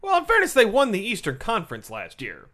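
A man co-hosting a comedy sports podcast with dry, wry remarks. His voice sits a little high and moves around lively in pitch. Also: brisk. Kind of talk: casual comedic banter.

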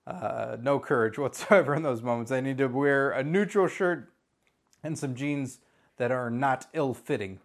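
A man's voice: medium pitch, moderate pace. A man from Southern California in his thirties, hosting a podcast as a casual solo chat, rambling and joking at his own expense. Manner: rambling, self-mocking, jokey, with animated put-on voices. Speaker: podcast host.

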